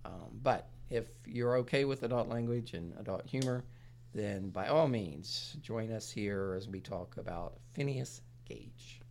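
A male podcast host chatting casually about true crime history. He jokes around with his co-host, laughs easily and fills pauses with ums and uhs. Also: on the low side, creaky, a little mellow, a little hiss or hum. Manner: joking, laughs often, many fillers.

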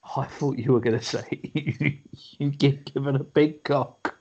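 A man's voice: medium pitch, fairly even intonation, measured pace, darkish tone, husky. A man, co-hosting a podcast in playful casual chat, laughing often. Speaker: podcast co-host. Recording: dull lo-fi audio.

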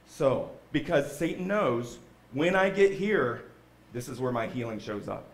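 A guest speaker delivers an earnest testimony to a congregation in a church sanctuary, frequently checking in with "right?" His medium-pitched, expressive voice moves at a normal speed, and the sound is roomy.

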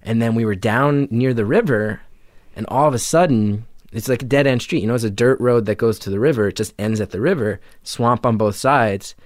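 A young adult man telling a story in casual chat, animated, jumping into loud high voices when he quotes people. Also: brisk, no room sound, clean studio sound.

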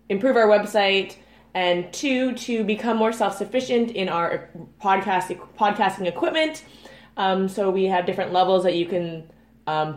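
A woman co-hosting a podcast, chatting casually and laughing often, with lots of fillers. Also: fairly low pitch. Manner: laughing, filler-heavy, relaxed. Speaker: podcast co-host. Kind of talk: casual chat. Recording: echoey room.

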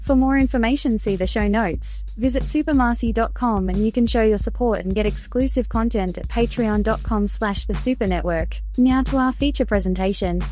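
A woman reading a scripted podcast intro in an even, measured way. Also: on the high side, soft background music. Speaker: show announcer.

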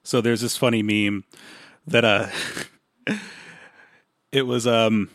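A man's voice: lowish voice, fairly even intonation, takes it slowly, a bit bright, no room sound, clean studio sound. A man co-hosting a casual podcast chat, rambling and trailing off with chuckles.

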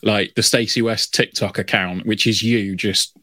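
A man's voice: fairly low pitch, fairly even intonation, normal speed, pushed and bright, no room sound. A man co-hosting a football podcast, talking in a rambling way with many fillers. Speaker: podcast co-host. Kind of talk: casual chat.

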